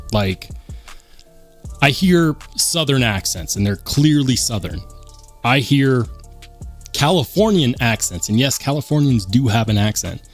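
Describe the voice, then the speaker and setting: Host, male, lively pitch, chatty self-mocking live-stream talk, faint music under him. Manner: chatty, reads chat aloud, self-mocking. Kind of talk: casual live-stream chat.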